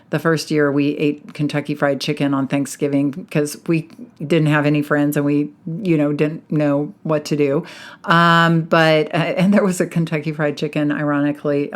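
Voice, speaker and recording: A woman around sixty hosting a podcast, talking in a chatty, animated storytelling way that often breaks into laughter. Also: sits low. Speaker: podcast host, hypnotherapist. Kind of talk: casual podcast monologue.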